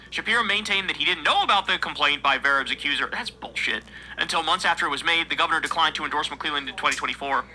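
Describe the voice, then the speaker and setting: Fast, bright-voiced man ranting over news. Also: a little high, slight background noise, poor audio. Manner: heated, profane, mocking asides. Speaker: political commentary streamer. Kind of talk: reading news and ranting commentary.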